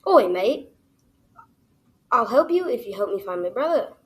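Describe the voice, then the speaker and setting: A woman's voice: on the high side, sing-song, fast talker. A woman voicing a male bluebird, a worried big brother who speaks in a put-on slangy accent, in a storybook reading. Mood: pleading.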